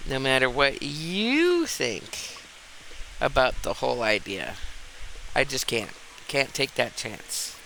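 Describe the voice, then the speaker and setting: A man's voice: medium pitch, very animated, takes it slowly, vocal fry, pushed and bright, slight background noise, low-quality recording. A man chatting casually over a cleaning game, rambling through a story with restarts and frequent laughter. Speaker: gameplay streamer. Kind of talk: casual gameplay chat.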